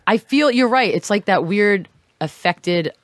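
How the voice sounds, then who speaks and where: A woman from Texas, a sports TV host, chatting as a podcast guest in a hoarse, raspy voice, lively and quick to joke. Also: mid-range voice, slight background noise. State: hoarse from shouting and no sleep. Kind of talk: casual interview chat.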